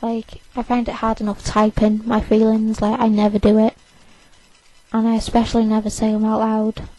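A woman's voice: on the high side, completely flat delivery, moderate pace, warm tone, no echo, low-quality recording. An eighteen-year-old woman, overtired, rambling defiantly and self-consciously in a casual to-camera rant. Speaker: vlogger.

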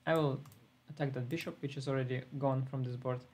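A man's voice: mid-range voice, fairly even intonation, fairly quick. A laid-back man thinking aloud as he plays an online chess simul on a live stream. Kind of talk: live-stream commentary while playing.

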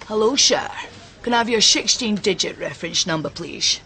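A woman voicing a call-centre agent who imitates a famous Scottish actor, reading numbers slowly and deliberately. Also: medium pitch, lively intonation, bright, forceful tone, slight background noise. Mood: stiff. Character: call-centre agent doing a Sean Connery voice.

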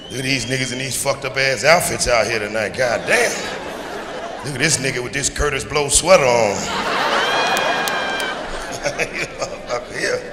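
A stand-up comedian from Chicago, delivering a loud, profane, punchy routine in front of a live audience. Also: male voice, medium pitch, unhurried, pauses often, crowd noise. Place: large live venue with audience. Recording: echoey hall with audience noise.

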